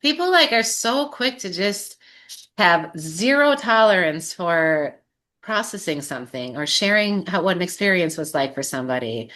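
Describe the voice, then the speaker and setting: Woman talking in a group share, kinda low voice, earnest and thinking out loud. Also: animated, moderate pace. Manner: earnest, reflective, searching for words. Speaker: sobriety group chat participant. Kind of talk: casual group sharing.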